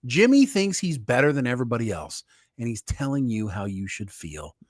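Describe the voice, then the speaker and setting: Emphatic man, laughs a lot, lively pitch, dry sound, casual podcast. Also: a little fast, no echo. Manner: laughing often, emphatic and heated. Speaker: podcast co-host. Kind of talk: casual political commentary.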